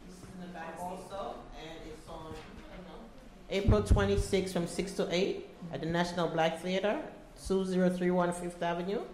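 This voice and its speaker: A woman's voice: fairly low pitch, fairly even intonation, normal speed, darkish tone, a little hiss or hum. A middle-aged woman giving an emotional personal testimony at a community meeting, pleading and repeating herself as she talks. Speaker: volunteer speaking at a community meeting. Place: meeting room. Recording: echoey meeting room.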